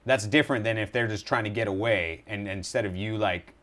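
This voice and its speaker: A man's voice: on the low side, fairly quick, a bit bright. A man hosting a video reaction show, introducing it in a laid-back, casual way and swearing freely. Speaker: show host.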